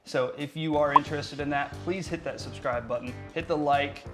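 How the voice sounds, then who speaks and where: A man's voice: on the high side, normal speed, loud music behind the voice. A man hosting a casual how-to tutorial on a lav mic, talking with energy and plenty of inflection. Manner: energetic, talks with his hands, lively inflection. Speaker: marketing tutorial host. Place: room with hard surfaces.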